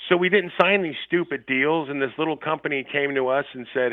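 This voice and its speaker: Gravelly man rambling over a phone line. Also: fairly high pitch, steady tone, brisk, hardly any pauses, no room sound. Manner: rambling, profane, laughing anecdotes. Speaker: band member guest. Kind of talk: casual interview storytelling.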